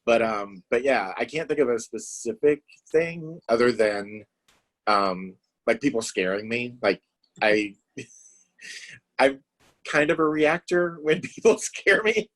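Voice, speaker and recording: A man's voice: mid-range voice, animated, takes it slowly, a bit bright. A man as a guest in a casual chat, talking hesitantly with many "um"s and easy laughter over a video call.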